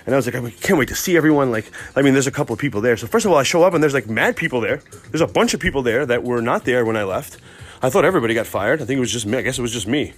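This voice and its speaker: A man hosting a podcast, telling a rambling, profane, excitable comic story from work. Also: medium pitch, racing. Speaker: podcast host. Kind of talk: casual comic storytelling monologue.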